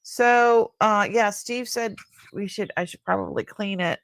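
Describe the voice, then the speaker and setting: A woman's voice: mid-range voice, a little slow, vocal fry, no echo. A middle-aged woman hosting a live jewelry sale, chatting casually and admiring each piece as she rambles. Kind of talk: casual live-stream selling chat.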